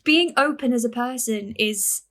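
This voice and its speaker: A woman's voice: fairly high pitch, unhurried, a bit bright. A woman guest on a casual podcast who talks reflectively and sometimes searches for her words mid-sentence. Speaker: podcast guest, fitness coach.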